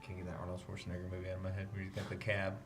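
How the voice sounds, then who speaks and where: A man's voice: low voice, completely flat delivery, racing. A man playing a tabletop game, talking in a casual, joking way. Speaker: player. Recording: noisy.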